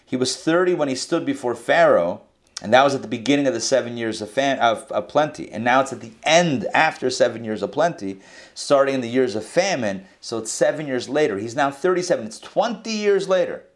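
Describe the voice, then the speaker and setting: A man gives an informal Torah lesson. He explains the text in a loose, conversational way, thinking out loud as he goes. His voice sits in an ordinary middle register. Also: mid-range voice, animated, fairly quick. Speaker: Torah teacher. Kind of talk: informal Bible class.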